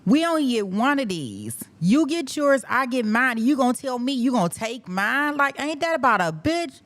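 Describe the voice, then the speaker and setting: A woman's voice: high voice, sing-song, normal speed, a bit bright. Emphatic, exasperated woman host ranting. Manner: emphatic, exasperated, repeats "how dare you", swears. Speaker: host of live trial coverage. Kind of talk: heated casual rant.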